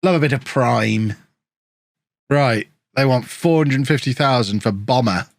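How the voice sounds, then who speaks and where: A man's voice: medium pitch, a little slow, gravelly, no echo. Guy streaming a football manager game, chatty, reads out chat, gets hyped over goals, dry close mic sound. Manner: chatty, reacts excitedly to game moments, answers chat. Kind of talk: casual live-stream commentary.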